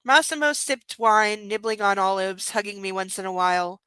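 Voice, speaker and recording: A woman's voice: mid-range voice, animated, normal speed, sharp tone, clear, resonant tone, dry recording, poor audio. A young woman hosting a book club, reading a novel aloud with sarcastic, mocking asides. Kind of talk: comedic book reading with commentary.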